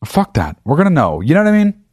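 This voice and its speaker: A man's voice: on the high side, wildly swooping pitch, fast talker, a little mellow, husky, no echo, clean studio sound. A man hosting his own podcast, talking in a casual, profane and emphatic monologue. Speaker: podcast host.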